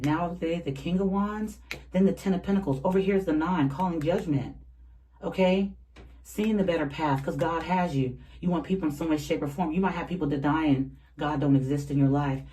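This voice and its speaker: A tarot reader giving a casual, animated reading straight to the viewers, talking in loose slang and laughing often. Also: medium pitch, slight background noise, low-quality recording.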